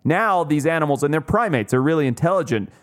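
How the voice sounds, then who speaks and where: A man's voice: a little high, animated, fast talker. A man co-hosting a podcast, telling stories in a loose, chatty way with plenty of fillers. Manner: chatty storyteller with many fillers. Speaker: podcast co-host. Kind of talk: casual chat.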